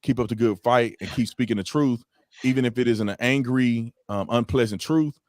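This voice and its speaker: A man hosting a casual livestream chat, relaxed and prone to quick restarts. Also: mid-range voice, no room sound, studio quality. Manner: relaxed, stumbling restarts, easy laughter. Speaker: host.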